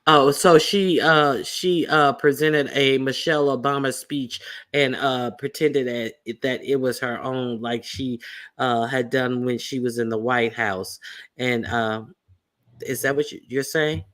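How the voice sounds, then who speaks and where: This man hosts a livestream at a medium pitch. He talks loosely and chattily, with lots of "uh"s and fresh starts, working through his points out loud. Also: steady tone, measured pace. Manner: loose, conversational, many fillers and restarts. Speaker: livestream host. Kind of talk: casual livestream commentary.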